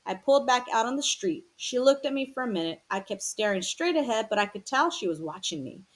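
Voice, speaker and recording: A troubled teenage boy, read by a woman, tells his story in blunt, slangy words. The voice sits fairly high and swings widely in pitch. He sounds tense and shaken. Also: very animated, fairly quick.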